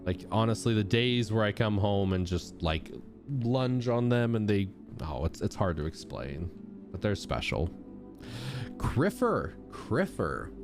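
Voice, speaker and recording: A young male streamer talks over a game in a relaxed, chatty way, and his voice leaps up and down with excitement. He sits a little low in pitch for a man. Game music plays clearly under his voice. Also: a little slow. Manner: animated, chatty, shouts out subscribers. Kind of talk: casual gameplay commentary. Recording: game music playing behind.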